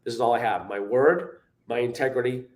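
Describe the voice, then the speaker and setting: A man's voice: medium pitch, brisk. A man with a Boston accent, a fitness trainer giving a punchy, joking motivational guest interview. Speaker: fitness trainer and transformation coach.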